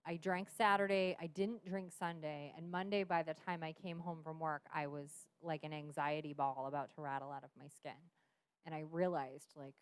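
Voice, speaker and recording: A woman's voice: low-pitched, steady tone, moderate pace, clean tone, no room sound. Candid, profane woman telling her story. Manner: frank, profane, laughs often. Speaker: podcast guest.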